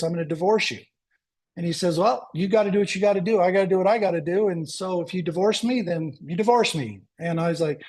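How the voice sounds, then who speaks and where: High-voiced energetic man telling a story. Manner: energetic storytelling, acts out quoted dialogue. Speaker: motivational speaker. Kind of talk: motivational talk to a sales team.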